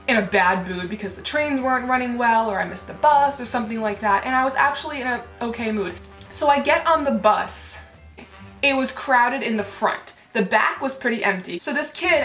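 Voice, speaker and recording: A woman vlogger tells a story as an indignant rant, swearing and leaning on fillers. Her voice sits a little high. The room adds a clear echo, with faint music underneath. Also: a bit bright.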